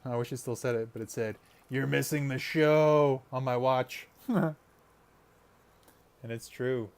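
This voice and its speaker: A man's voice: medium pitch, flat delivery, unhurried, clear, resonant tone. A man chatting casually on a live stream while he paints miniatures, rambling and laughing often.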